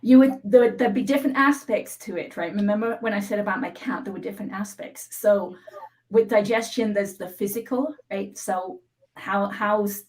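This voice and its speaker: A woman with a mid-pitched voice walks through a self-help technique point by point. Her delivery is calm and instructive. She keeps checking that the listener is following. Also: moderate pace, a little hiss or hum, poor audio. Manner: calm, instructive, frequent "right?" check-ins. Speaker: EFT tapping practitioner, guest. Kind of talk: explaining a technique on a live show.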